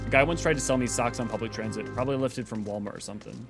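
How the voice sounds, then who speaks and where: A man chatting casually on a game lore stream, rambling, jumping between thoughts and poking fun at himself. His voice sits at an ordinary pitch, with faint music in the background. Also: racing, gravelly. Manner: rambling, self-deprecating, jumpy energy. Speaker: lore channel host. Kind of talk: casual chat while reading a game story.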